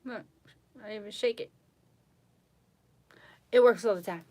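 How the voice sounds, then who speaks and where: A woman host casually chatting on a home live stream, animated and cooing baby talk to her dog at times. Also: mid-range voice, a little slow.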